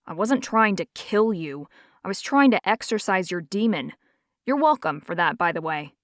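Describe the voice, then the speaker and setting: A woman narrator voicing a calm, firm man who hunts demons, in an audiobook. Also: normal speed, no echo, studio quality, close to an everyday voice. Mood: dry. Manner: firm, calm, low-key.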